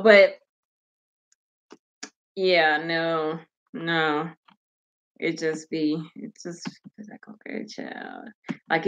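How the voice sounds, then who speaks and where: A woman talks loosely to her viewers on her own channel, reading comments aloud and reacting. Her speech is slangy and candid, peppered with swearing, at an ordinary middle pitch. The sound is dull and lo-fi. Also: fairly bright tone. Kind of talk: casual livestream chat reading viewer comments.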